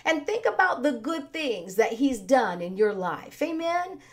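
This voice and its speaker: A woman leading an online worship service, preaching in an earnest, conversational way with a slightly raspy voice. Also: sits high, big pitch swings, measured pace. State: a little raspy. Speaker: worship leader. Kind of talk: sermon with worship singing.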